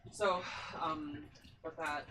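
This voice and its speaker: A low-pitched woman, a podcast guest, tells her story with eager enthusiasm and keeps breaking into laughter. She sits some distance from the mic, and a clear layer of background noise runs under her voice. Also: steady tone, takes it slowly. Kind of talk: casual podcast chat.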